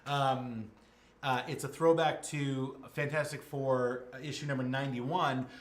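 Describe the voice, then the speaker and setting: A man's voice: medium pitch, fairly even intonation, measured pace. A man co-hosting a casual comics chat show, rambling through plot summaries with lots of fillers and restarts. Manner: rambling, many fillers and restarts, acts out quotes. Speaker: podcast co-host. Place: game store. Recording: echoey room.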